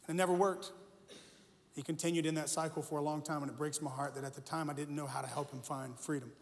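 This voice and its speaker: A pastor in his forties tells a sermon story with lively, self-mocking humor. His voice sits fairly high for a man. It rings out with a long reverb through a large church sanctuary. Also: fast. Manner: animated, self-deprecating humor, earnest. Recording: echoey church hall.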